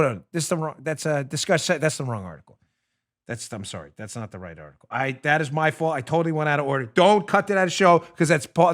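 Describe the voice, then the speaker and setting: Sarcastic, fiery male political host. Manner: sarcastic, rapid-fire, mocking asides; swings between loud outbursts and low muttering. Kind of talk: animated political commentary.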